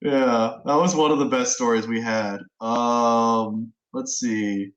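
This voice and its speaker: A man in casual gaming chat, telling a story with lively acted-out quotes. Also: medium pitch, slow, highs cut off. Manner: animated storyteller, acts out quotes. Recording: echoey room.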